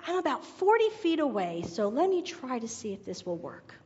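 A woman's voice: high voice, sing-song, moderate pace, a little mellow. A woman preacher voicing a puzzled husband in a joke, in a mild conversational tone. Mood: musing. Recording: reverberant hall, dull sound.

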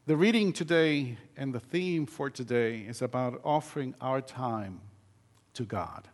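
A man's voice: medium pitch, lively intonation, measured pace. An older man, a pastor, giving a sermon in a conversational storytelling way, with many fillers and restarts.

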